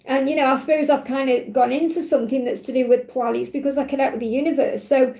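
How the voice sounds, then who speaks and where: A woman's voice: sits high, steady tone, fast, dark tone, echoey room. A woman hosting a spiritual live stream, talking in a heartfelt, rambling way with plenty of fillers. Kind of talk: emotional live-stream talk.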